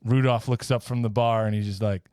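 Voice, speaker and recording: Male podcast host who rambles through his stories; smooth mid-range voice, dry close mic. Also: fairly low pitch, steady tone, a little fast, darkish tone, no echo. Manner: rambling, filler-heavy storytelling. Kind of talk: casual comedic chat.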